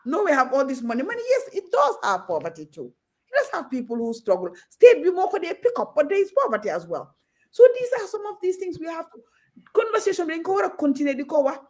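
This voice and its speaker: Outspoken Gambian woman, high lively voice. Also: quick pace. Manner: outspoken, switches freely between Wolof and English. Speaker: guest. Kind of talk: passionate talk show discussion.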